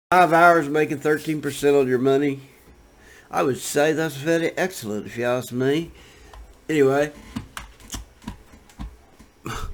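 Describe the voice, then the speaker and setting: A man giving casual, rambling commentary on trading charts, laid-back and full of fillers and restarts. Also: mid-range voice. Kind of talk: casual screen-share commentary.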